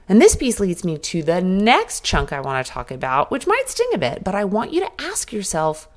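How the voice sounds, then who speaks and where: A middle-aged woman hosting a solo motivational podcast, talking candidly and directly as she coaches her listeners. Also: mid-range voice. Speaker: podcast host.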